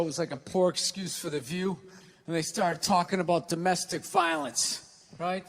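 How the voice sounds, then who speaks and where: A man from the United States performing a stand-up comedy set on stage, telling stories with loud bursts and acted-out quotes. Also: a little high. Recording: live hall reverb, faint noise.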